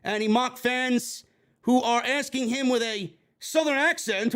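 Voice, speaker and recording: A man from New York hosting a wrestling review livestream, swearing constantly and breaking into excitable shouting. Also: extremely high pitch, a little slow. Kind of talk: casual profane live commentary.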